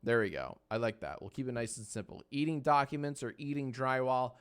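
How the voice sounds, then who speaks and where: Talking a little fast in a clean, mid-range voice, a man in his thirties streams casually from his home editing room. Between jokes with chat and polls, he coos at his dog in soft baby talk.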